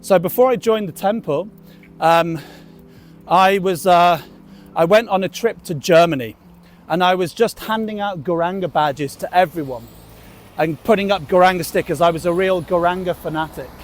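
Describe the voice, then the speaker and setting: High-voiced cheerful monk greeting passers-by. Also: male voice, moderate pace, soft background music. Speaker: temple monk and street book distributor. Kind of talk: street outreach and anecdotes.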